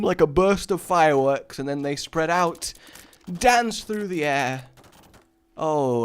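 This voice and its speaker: A man hosting a gaming channel, giving excitable, gushing gameplay commentary and mimicking explosion sounds. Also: on the high side, unhurried, a little hiss or hum.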